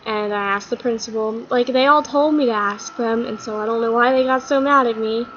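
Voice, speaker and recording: A woman's voice: fairly high pitch, steady tone, fairly quick, a bit bright, dull audio, a little hiss or hum, natural voice. A woman voicing a sad, confused schoolboy who keeps getting in trouble, in a whiny, self-pitying way.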